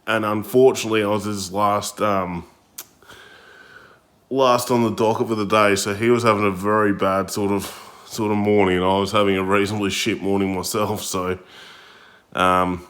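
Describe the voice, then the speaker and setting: An Australian man tells a story in a casual vlog, blunt and laid-back. His voice sits very low and barely rises or falls. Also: flat delivery, moderate pace, fairly bright tone. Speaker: vlogger.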